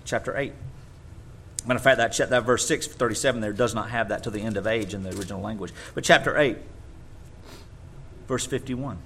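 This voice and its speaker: A man preaching a sermon, reading scripture aloud and repeating words for emphasis, with big swings between loud and quiet. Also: fairly low pitch, a little fast, pauses often, slight background noise.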